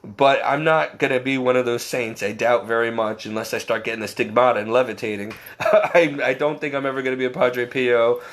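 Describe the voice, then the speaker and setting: A man's voice: mid-range voice, brisk. Earnest man telling a faith story. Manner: earnest, self-deprecating, laughs often; quotes himself and others in animated bursts. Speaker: Catholic layman sharing testimony. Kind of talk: personal faith talk.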